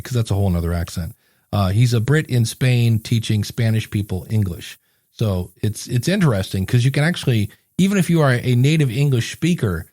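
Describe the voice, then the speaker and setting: A man's voice: medium pitch, a little mellow, no room sound, clean studio sound. A man co-hosting a podcast, chatting casually and telling rambling stories in which he acts out the people he quotes. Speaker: podcast co-host and coach. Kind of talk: casual podcast chat with sponsor reads.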